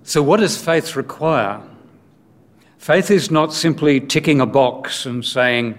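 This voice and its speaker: Male preacher, unhurried sermon delivery, measured and questioning. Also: mid-range voice. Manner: slow, deliberate, with rhetorical questions.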